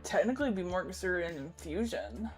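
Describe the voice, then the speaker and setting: A woman's voice: on the low side, lively intonation, quick pace, faint music behind. A woman hosting a casual reaction livestream, rambling and correcting herself, laughing easily. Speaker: streamer host.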